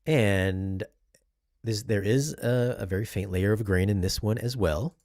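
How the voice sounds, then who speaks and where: A man's voice: lowish voice, a little slow, darkish tone, dry recording, clean studio sound. A man talking casually as a video reviewer, chatty and rambling, correcting himself and asking viewers questions. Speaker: home theater video reviewer.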